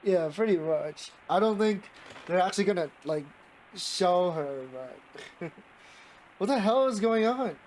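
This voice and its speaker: A male streamer reads a horror visual novel aloud in a slightly high voice. He keeps breaking off into jittery, nervous asides and talks to himself between lines. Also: expressive, takes it slowly, darkish tone, a little hiss or hum, rough recording. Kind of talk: reading a horror game aloud with commentary.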